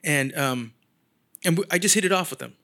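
Brief: man, slightly higher voice, casual storyteller, animated, acts out quotes. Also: a little fast. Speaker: guest artist.

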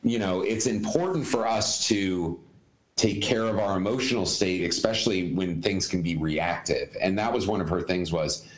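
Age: adult. Sex: man. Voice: lowish, earnest and explanatory, repeats himself for emphasis. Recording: roomy, echoey room. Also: moderate pace. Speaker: podcast co-host, educator. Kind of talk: casual chat giving parenting advice.

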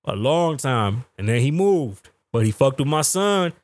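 A man's voice: medium pitch, sing-song, a little slow, no echo. A man ranting as a podcast host, telling stories in a heated and profane way. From the Bronx, New York. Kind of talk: casual podcast rant.

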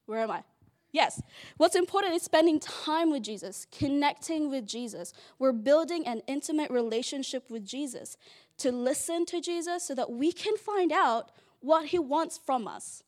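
Woman, high voice, casual Bible study talk, chatty, playful, lots of fillers. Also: expressive, moderate pace.

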